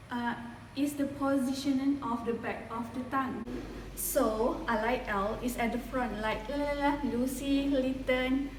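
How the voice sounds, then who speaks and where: A young woman with a fairly high voice explains speech sounds step by step to her classmates. She is recorded from across an echoey room, with faint background noise. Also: distant mic. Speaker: student presenter. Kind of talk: class presentation on accents.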